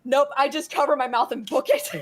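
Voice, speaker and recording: A woman's voice: high voice, steady tone, a little fast. A woman co-hosting a podcast, telling a story in casual chat and acting out the quotes with bursts of laughter. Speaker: podcast co-host.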